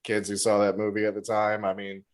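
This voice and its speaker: A man's voice: fairly low pitch, completely flat delivery, fairly quick. A man co-hosting a podcast, talking in a rambling, self-deprecating way and laughing easily. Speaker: podcast co-host. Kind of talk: casual podcast chat.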